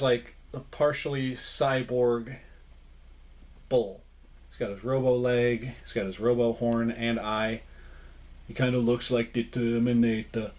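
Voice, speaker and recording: A young adult man casually narrating a showcase of his toy collection as the channel host, rambling in a relaxed way with frequent fillers and self-deprecating asides. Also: mid-range voice.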